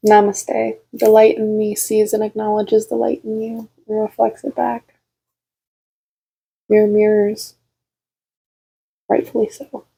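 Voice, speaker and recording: A woman in her own room giving a casual, heartfelt channeled message to her viewers as a tarot reader, with lots of fillers and soft giggles. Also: mid-range voice, little pitch movement, slow, gravelly, pauses often, husky.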